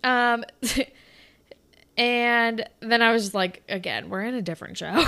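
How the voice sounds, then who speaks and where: A woman's voice: a little high, takes it slowly, pushed and bright. A woman in casual chat, animatedly recapping a TV episode, swearing often and acting out the characters' lines. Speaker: podcast co-host recapping a TV episode.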